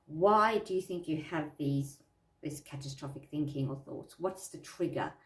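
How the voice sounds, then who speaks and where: A woman with a fairly low voice talks earnestly through self-help steps and often repeats her phrases for emphasis. She sits a little back from the mic in an echoey room. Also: normal speed, far from the mic. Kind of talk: talking through a worksheet.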